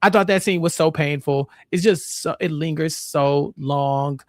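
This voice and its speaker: A man's voice: on the high side, a little slow, no room sound, clean studio sound. A man hosting a casual podcast, recapping a film's plot in an easygoing way and quoting lines. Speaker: podcast host.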